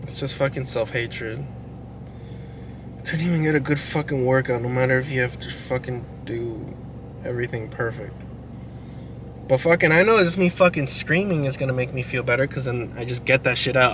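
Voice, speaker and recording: A young man venting angrily to the camera about a bad gym workout, swearing constantly and dropping to a low mutter, with car and street noise behind him. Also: brisk. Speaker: fitness vlogger. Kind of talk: raw confessional vlog rant. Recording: clear vehicle and outdoor background noise.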